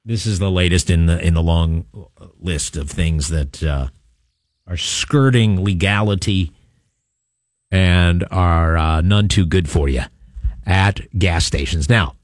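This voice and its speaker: A deep-voiced man talks slowly as he hosts a radio show from a studio, reading the news and answering texts. His manner is chatty and wry, peppered with "uh." The recording is dry and clean, made on a studio microphone.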